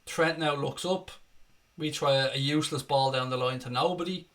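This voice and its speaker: A man's voice: mid-range voice, normal speed, fairly bright tone. A young man giving live fan commentary on a football match, calling the play and breaking into angry, sweary rants. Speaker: fan watchalong host.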